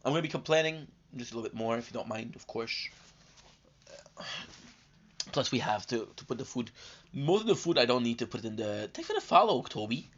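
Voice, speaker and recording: A worn-out man chats through a late gaming live stream, rambling and restarting his sentences with plenty of fillers. He sounds like he is coming down with a cold, and his voice sits in an ordinary middle pitch. The stream audio is muffled and lo-fi. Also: animated, brisk, pauses often. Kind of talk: casual live-stream chat.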